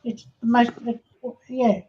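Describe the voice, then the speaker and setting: A woman chatting casually in a hobby group, teasing with quick quips. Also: on the high side, fairly even intonation, warm tone, a little hiss or hum. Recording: dull lo-fi sound.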